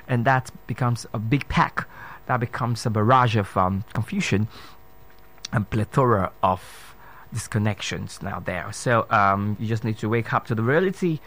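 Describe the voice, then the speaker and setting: Man giving a lively radio pronunciation lesson. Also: mid-range voice. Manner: spells words letter by letter, corrects mispronunciations. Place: radio studio.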